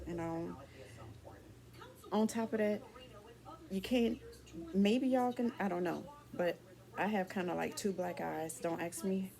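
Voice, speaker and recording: A woman's voice: fairly low pitch, vocal fry, dark tone. A woman talking candidly and ramblingly in a casual personal vlog to her viewers, asking them for advice. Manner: candid, rambling, dialect speech with restarts.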